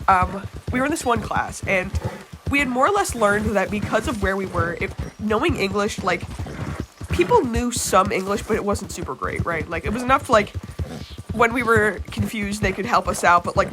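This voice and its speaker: A young American woman streams a game and tells a rambling story full of fillers and casual swearing. Her medium-pitched voice is animated and moderately paced, with music, game sounds and hoofbeats playing underneath.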